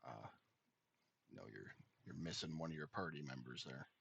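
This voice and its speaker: A man's voice: very deep voice, normal speed, gravelly, fairly bright tone, breathy edge, voice pushed down, heavily acted. A man voicing a masked male archer, muffled behind the mask and earnest in his apologies. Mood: apologetic.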